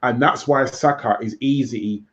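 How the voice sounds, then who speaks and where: A man's voice: medium pitch, unhurried, a bit bright. Earnest man on a dull lo-fi line. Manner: earnest and emphatic, with repetition. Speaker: podcast co-host. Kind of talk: casual football discussion. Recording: dull lo-fi sound.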